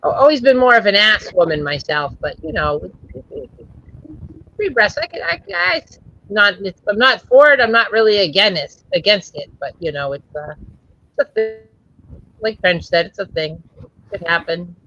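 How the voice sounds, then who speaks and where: A man hosting a casual joking stream chat, rambling with many halting restarts. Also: sits high, expressive, sharp tone, lo-fi sound.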